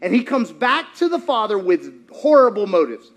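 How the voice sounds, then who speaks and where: Male pastor, high voice that swings wide, playful, questions the room. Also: moderate pace. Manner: animated, quizzes the congregation and acts out quotes. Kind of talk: sermon.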